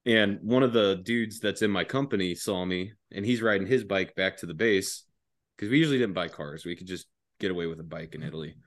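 A young man relaxes into a rambling, foul-mouthed story as a podcast guest. His voice sits on the low side and sounds dry and close. He chuckles as he goes and takes detours in the telling. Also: brisk, no room sound. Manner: profane, laughing, rambling. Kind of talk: casual storytelling.

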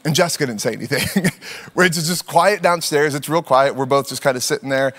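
High-voiced man preaching a lively sermon. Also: a little fast, in a large hall. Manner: conversational, animated storytelling with playful put-on voices. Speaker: pastor.

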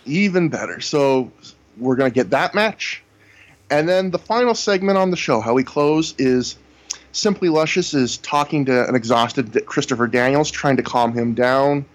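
Guy on a podcast just recapping stuff, lots of "you know", middle pitch. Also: moderate pace. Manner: recaps events at length with frequent "you know". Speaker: podcast co-host reviewing wrestling shows. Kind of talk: casual chat.

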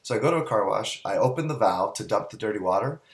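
Animated storytelling man, lowish voice. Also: quick pace. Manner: animated storyteller, acts out quoted voices, laughs often. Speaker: business owner, guest. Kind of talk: casual storytelling interview.

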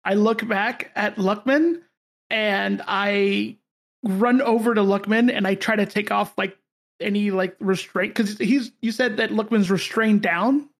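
A woman's voice: medium pitch, a little slow. A woman playing a tabletop role-playing game, talking hesitantly with frequent "like". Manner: hesitant, full of "like". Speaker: player.

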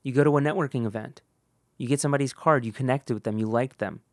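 Earnest gravelly man giving a pep talk. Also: mid-range voice, dry recording, studio quality. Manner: earnest, swings between loud emphasis and soft hush; acts out quick snippets of dialogue. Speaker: podcast host. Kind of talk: motivational monologue.

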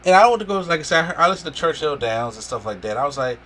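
A man's voice: on the high side, animated, rapid-fire, a bit bright, slight background noise. Rambling man chatting on a podcast. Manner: rambling, searching for words. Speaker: podcast co-host. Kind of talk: casual chat.

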